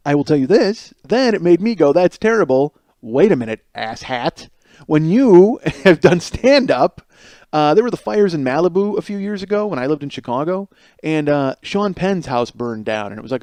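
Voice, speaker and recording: A man's voice: fairly high pitch, animated, moderate pace, darkish tone, dry recording. A man in his forties hosting a comedic podcast, rambling, swearing and mocking himself. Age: 40s. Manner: rambling, profane, self-mocking. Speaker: podcast host. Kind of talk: solo comedic podcast monologue.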